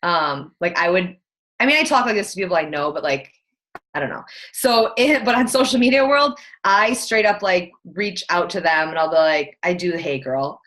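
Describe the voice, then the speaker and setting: A woman's voice: on the low side, lively intonation, fairly bright tone. A woman team coach talking casually in an interview, blunt and to the point, with lots of "like" fillers. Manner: blunt, fast, filler-heavy talk.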